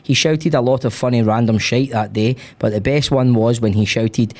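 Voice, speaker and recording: A man's voice: mid-range voice, normal speed, a little mellow. A Scottish man hosting a casual chat, reading out listener stories with lots of giggling. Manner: giggly, banter, reads out ads. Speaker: podcast host.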